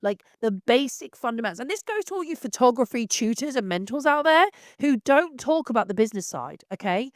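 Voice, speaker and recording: A woman's voice: fairly high pitch, sing-song, fairly quick, few pauses, dry recording, studio quality. A woman sounding unwell as she hosts a solo podcast, ranting in a blunt, exasperated way. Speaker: podcast host.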